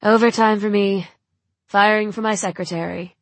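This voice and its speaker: A woman's voice: mid-range voice, steady tone, moderate pace, no room sound, natural voice. Woman voicing a brusque, bored male official. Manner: brusque and bored, conspiratorial asides.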